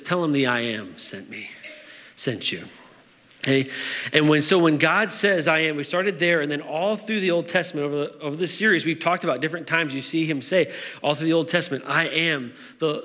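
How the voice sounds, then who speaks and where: A man's voice: a little high, sharp tone, big-room sound. A man preaching a sermon in a church, talking in a conversational way with fillers and restarts. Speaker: pastor.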